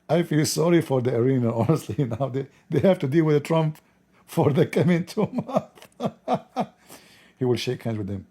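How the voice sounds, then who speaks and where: A man giving casual spoken commentary in a hoarse voice, rambling and chuckling through mocking asides. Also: on the high side, big pitch swings, normal speed, warm tone. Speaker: online commentator.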